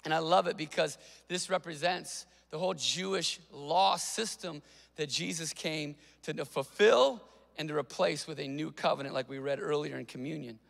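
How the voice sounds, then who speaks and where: Casting note: male pastor, high bright voice, animated sermon delivery, long hall reverb. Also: vocal fry. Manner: conversational, animated preaching with quick asides.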